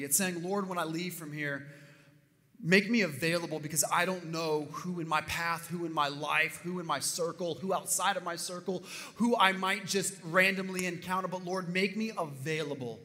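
A man's voice: a little high, normal speed, long pauses. A man preaching a sermon, telling a personal story and then building up with rising fervor. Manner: animated, building to near-shouts. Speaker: pastor. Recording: reverberant hall.

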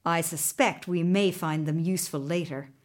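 A woman voicing a wise, calm male horse that talks in a steady, knowing way. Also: lowish voice, normal speed, pitched below the performer's own voice, natural voice.

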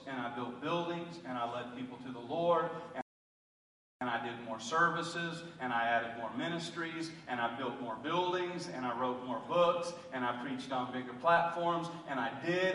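A man's voice: mid-range voice, normal speed. Impassioned preacher man in an echoey hall. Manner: impassioned storytelling preacher, swinging from loud to hushed. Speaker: pastor. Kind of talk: sermon. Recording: echoey hall heard from a distance.

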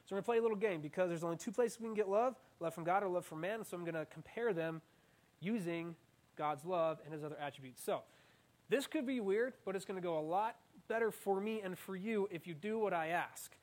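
Young male preacher, high-pitched, animated and playful, leading the crowd in call-and-response. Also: fairly quick. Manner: animated, playful, self-mocking asides. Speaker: student preacher. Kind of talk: interactive sermon.

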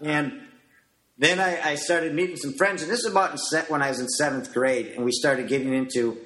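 A middle-aged man, a martial arts coach, talking as a guest in a relaxed storytelling way, loose and rambling, often acting out what he said back then. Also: fairly high pitch, a little fast. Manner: animated storyteller who acts out his younger self in quotes; loose, rambling with many "you know" fillers. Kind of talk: casual storytelling interview.

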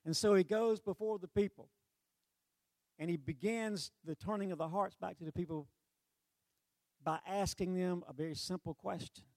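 A man preaching a sermon, retelling a story with lively delivery, sarcastic humor and acted-out quotes. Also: sits high, moderate pace, pauses often, dry recording.

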